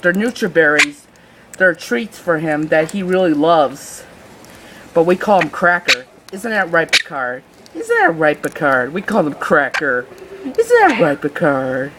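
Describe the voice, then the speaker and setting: A man rambling casually in a home video, often restarting his sentences. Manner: rambling, with many restarts and fillers; switches into high cooing baby talk for the bird. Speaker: video maker talking to his pet bird. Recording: noisy home recording.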